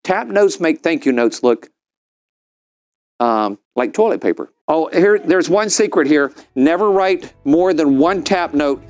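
A man's voice: fairly high pitch, unhurried, faint music behind. A middle-aged man speaking to a business group, telling stories and acting out other people's lines in a raised voice. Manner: animated, acts out quotes in a raised voice. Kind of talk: storytelling talk to a group.

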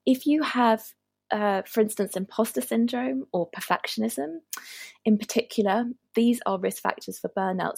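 A woman doctor speaking in a calm, explanatory way, her voice gravelly with a husky, slightly breathy edge. She is recorded close on a dry podcast mic. Her pitch sits at a middle level. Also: dry recording. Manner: measured, explanatory. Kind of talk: podcast conversation.

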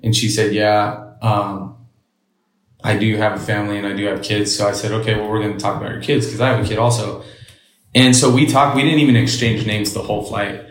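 A man's voice: lowish voice, level tone, a little fast, reverberant, rough recording. A man as an interview guest, telling a story casually and bluntly, with lots of swearing and quoted dialogue.

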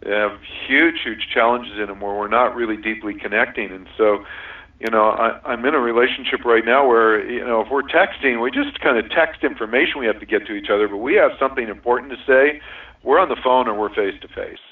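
A man's voice: mid-range voice, brisk. A man speaks earnestly and reflectively, laughing now and then and circling back on his words. His voice is thin and phone-like and sounds far from the mic. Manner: earnest, reflective, laughs often, many restarts. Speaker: guest sharing a relationship compatibility system. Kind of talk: casual interview talk. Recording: distant, tinny phone-line sound.

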